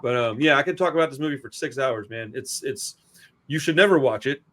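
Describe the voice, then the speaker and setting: A man in a casual film review chat, talking in an excitable, profane, slangy way. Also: medium pitch, brisk. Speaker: podcast co-host.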